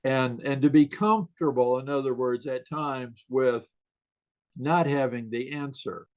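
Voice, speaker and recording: A man's voice: mid-range voice, measured pace, rough recording. A man telling stories with a chuckle. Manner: warm anecdotal delivery, laughs at his own stories. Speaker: guest author on questions. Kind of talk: casual interview storytelling.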